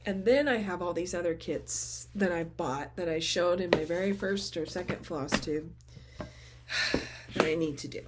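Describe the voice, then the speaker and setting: A woman with grandchildren, chatting excitedly as she shows off a craft haul, often gushing and acting out conversations with friends. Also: on the low side, measured pace, very noisy. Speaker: craft vlogger. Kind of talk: casual show-and-tell chat.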